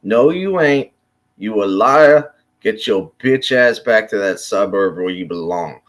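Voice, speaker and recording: Slow, profane, impassioned man ranting. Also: fairly low pitch, animated. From Chicago. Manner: halting, restarting sentences. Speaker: commentator. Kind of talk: unscripted monologue rant.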